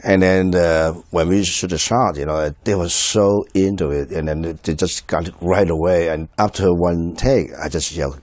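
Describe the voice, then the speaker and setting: A film director talks through his movie in a low, deep voice, recorded dry and close. He is halting, full of fillers and restarts, and chuckles often as he recalls the set. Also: darkish tone, dry recording. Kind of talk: film commentary, recalling a shoot.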